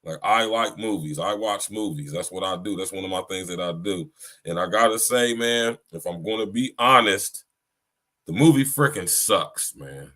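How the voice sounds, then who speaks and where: With a low voice that sounds pushed and bright, a male podcast host speaks at normal speed. His casual chat is blunt, packed with slang and repetition, and often punctuated by "you hear me".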